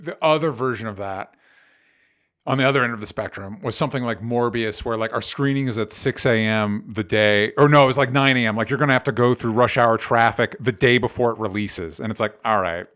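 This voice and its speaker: A man's voice: medium pitch, fairly quick, a bit bright. A man co-hosting a casual chat show, ranting animatedly with exasperation and swearing. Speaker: podcast co-host.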